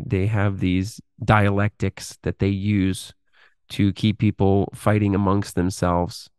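A man hosting a podcast, reading a text aloud in a deliberate way and breaking off into unscripted commentary full of fillers. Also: sits low, a little mellow, smooth, no room sound, studio quality. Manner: deliberate reading, halting with fillers when speaking freely. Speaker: podcast host.

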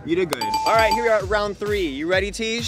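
A man's voice: high voice, animated, fast talker, loud music behind the voice. A man hosting a street game show outdoors on a boardwalk, talking in a playful, sassy, teasing way with lots of banter.

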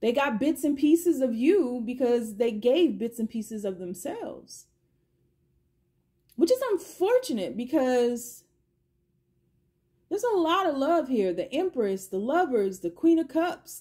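A middle-aged woman reads tarot cards for a collective audience, taking her time. Her voice is high but dark and mellow, and she drifts back to the same question for the universe between cards. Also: sing-song, unhurried. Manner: musing, repeats questions to the universe. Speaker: tarot reader.

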